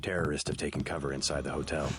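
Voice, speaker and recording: An actor playing a stern special agent who speaks in a flat, terse manner. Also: male voice, a bass voice, rapid-fire. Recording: game dialogue over game music.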